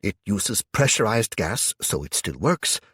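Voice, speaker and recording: A man's voice: fairly low pitch, very animated, a bit bright, breathy edge, dry recording, pitched above the performer's own voice, exaggerated voice. A man playing a stoic old man. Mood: wry, stoic. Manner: formal, measured, kindly. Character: stoic old German man, injured and gentle.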